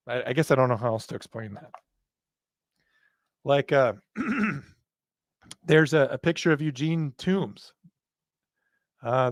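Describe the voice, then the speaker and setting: A man's voice: medium pitch, dry recording. A man hosting a podcast aftershow, rambling in casual chat and laughing at himself. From northern United States. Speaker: podcast host.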